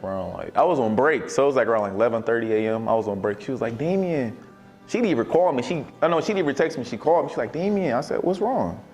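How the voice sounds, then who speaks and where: Young man telling his story, lively pitch. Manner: casual, slangy, lively pitch when quoting. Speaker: young father interviewed on camera. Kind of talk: personal storytelling.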